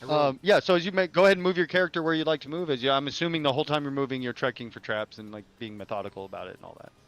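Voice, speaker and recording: A man's voice: fairly high pitch, very fast, a bit bright, muffled recording. A man narrating as game master of a tabletop game, describing passages in a rambling, self-correcting way.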